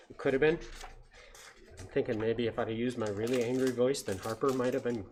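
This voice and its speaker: A man's voice: on the low side, steady tone, moderate pace, darkish tone. Guy doing kids story time, playful and chatty, keeps stopping to talk to the crowd, faint noise in the back. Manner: playful, chatty asides to the audience. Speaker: story time reader at a science center. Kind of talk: children's story time with asides.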